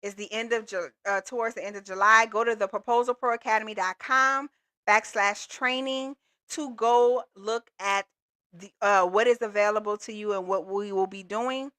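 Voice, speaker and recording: A woman's voice: mid-range voice, pushed and bright. A woman hosting a live call-in coaching stream, talking in an upbeat, motivational and casual slangy way. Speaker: business coach and livestream host. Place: Texas.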